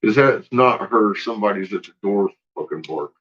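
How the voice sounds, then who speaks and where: A man's voice: on the low side, expressive, moderate pace, muffled recording, slight background noise. A man at home talking to his pets in a playful, teasing way, baby-talking the dog and swearing casually. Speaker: pet owner.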